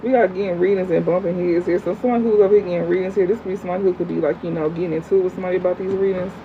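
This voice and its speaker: A tarot reader doing a livestream reading and answering chat in a blunt, profane, fast, slangy way. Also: mid-range voice, fairly even intonation. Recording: phone-like audio with faint hum.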